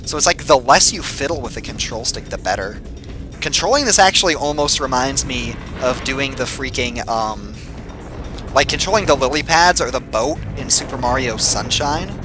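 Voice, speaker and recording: A young man giving casual gameplay commentary, excitable and quick to swear and yell when he gets frustrated. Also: mid-range voice, music in the background.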